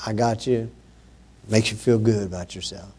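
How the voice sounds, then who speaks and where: A man preaching a sermon in a conversational way, with many pauses, growing louder and higher when he quotes scripture. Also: fairly even intonation, slightly rough.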